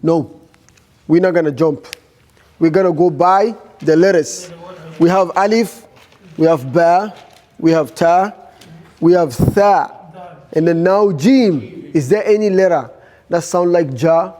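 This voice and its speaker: High-voiced, slow-paced reading teacher. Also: male voice, darkish tone. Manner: drills sounds by repeating them, asks the class questions. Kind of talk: live Quran reading class.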